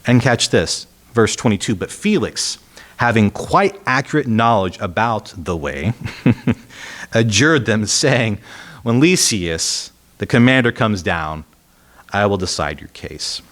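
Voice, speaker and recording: A man's voice: on the low side, sing-song, slow, a bit bright. Man preaching a casual, conversational sermon. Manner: conversational, asks the congregation rhetorical questions; reads scripture aloud with added emphasis. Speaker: pastor.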